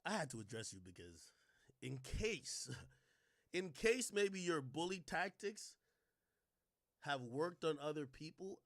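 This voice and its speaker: Brief: young male streamer, bright edgy tone, mocking rant with lots of swearing. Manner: animated, mocking, swears freely, swings from low mutters to loud outbursts. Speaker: commentary streamer. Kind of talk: casual ranting commentary.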